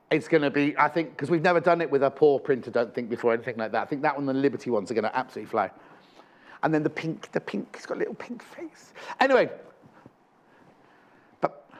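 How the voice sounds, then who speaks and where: A man with a fairly high voice presents craft kits on a live shopping channel. He's chatty and enthusiastic, rambling and frequently correcting himself.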